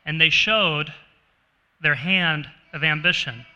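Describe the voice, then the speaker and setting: Guy preaching in a church, slow and easygoing, really bright voice, hall echo. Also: a little high, clean tone. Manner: conversational, asks the congregation questions. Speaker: pastor. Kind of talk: sermon. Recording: reverberant hall.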